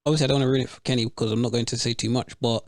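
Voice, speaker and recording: A man's voice: medium pitch, fairly even intonation, racing, no room sound, clean studio sound. A man, hosting a casual podcast chat and telling stories in slang. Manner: slangy storytelling, mimics voices. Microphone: remote call, close mic.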